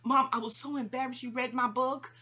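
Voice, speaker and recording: A middle-aged woman talks straight to her mother in a candid, meandering personal monologue. Her voice is breathy and husky yet bright and forward. She stumbles and restarts often as she drifts from one thought to the next. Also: high voice, steady tone, brisk. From New York. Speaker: vlogger.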